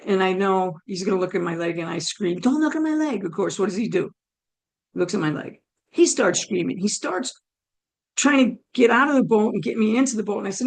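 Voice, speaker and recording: A woman telling a personal story in an animated, chatty way. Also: medium pitch, gravelly. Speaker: guest speaker.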